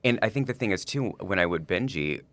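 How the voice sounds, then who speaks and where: A man's voice: low voice, expressive, fairly quick, a bit bright, dry recording. A man on a podcast, telling a personal story in casual chat, rambling with lots of likes and restarts. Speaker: podcast co-host.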